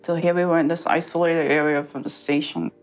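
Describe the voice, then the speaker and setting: A young woman telling her own story in a halting way, full of fillers and restarts. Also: low-pitched, fairly even intonation, faint music behind. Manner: halting, many fillers and restarts, quotes others. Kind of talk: personal testimony.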